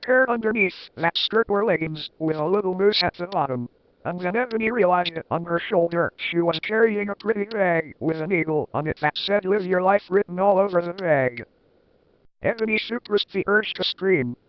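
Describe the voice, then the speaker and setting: A man's voice: high-pitched, animated, normal speed, dry recording. A man giving a comic dramatic reading, with wry, sarcastic asides. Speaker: reader. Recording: dull, lo-fi dry recording.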